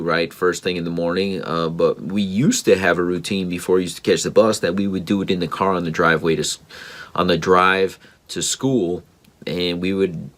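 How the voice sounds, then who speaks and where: A man's voice: low-pitched, a bit bright. A man in his thirties, a parenting podcast host, telling a personal story in an earnest, rambling way with many ums and restarts.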